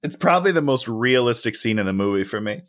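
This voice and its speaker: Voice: medium pitch, quick pace. A podcast co-host from Minnesota, joking and exaggerating in casual chat about a movie. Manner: animated, jokey, exaggerating.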